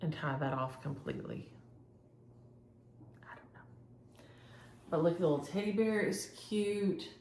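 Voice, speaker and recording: A woman's voice: on the low side, lively intonation, moderate pace, few pauses, darkish tone, roomy sound, a little hiss or hum. A woman chatting casually and rambling as she shows her cross-stitch projects to viewers. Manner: chatty, rambling, thinks aloud. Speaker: flosstube host.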